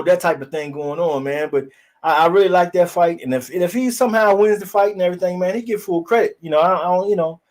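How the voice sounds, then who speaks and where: A man hosting a casual boxing talk show, blunt and profane, telling animated stories. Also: fairly high pitch. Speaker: podcast host.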